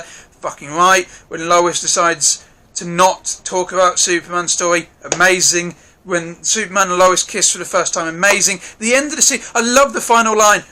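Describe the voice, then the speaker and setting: Man, film reviewer, casual, excitable, sweary, high voice. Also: normal speed. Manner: excitable, gushing, swears a lot.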